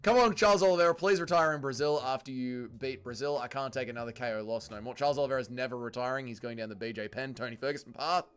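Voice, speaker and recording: A young Australian man hosting a casual livestream, reading out viewer comments with loud laughter and plenty of swearing. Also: mid-range voice, fast, few pauses, smooth. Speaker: livestream host.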